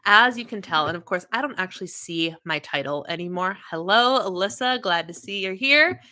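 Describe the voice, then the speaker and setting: A woman's voice: medium pitch, expressive, normal speed, sharp tone. A woman hosting a casual livestream, chatting and greeting viewers by name. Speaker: livestream host.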